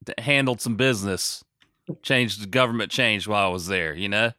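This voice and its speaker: A man's voice: on the low side, a little fast, sharp tone, no room sound, studio quality. An American man co-hosting a podcast, chatting casually in a rambling, self-mocking way with lots of fillers. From United States. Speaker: podcast co-host. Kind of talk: casual chat.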